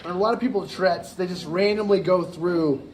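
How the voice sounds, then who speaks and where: A man's voice: sits high, fairly quick, a little mellow. A man doing a stand-up set on a club stage, rambling with lots of fillers and laughing at his own jokes. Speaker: stand-up comedian. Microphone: handheld stage mic. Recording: live club audience audible. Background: audience laughter.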